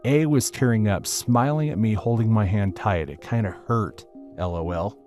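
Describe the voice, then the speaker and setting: Low-voiced man reading a story. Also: moderate pace, dark tone. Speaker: narrator. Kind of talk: reading a first-person story aloud. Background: faint music.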